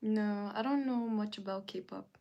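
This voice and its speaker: A young woman with a mid-range voice hosts a casual livestream, reading comments aloud. She rants indignantly and repeats herself. Her pitch jumps up sharply when she gets worked up. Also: a little slow, creaky, dark tone, lo-fi sound. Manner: indignant, repetitive ranting with sudden rises in pitch. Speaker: livestream host.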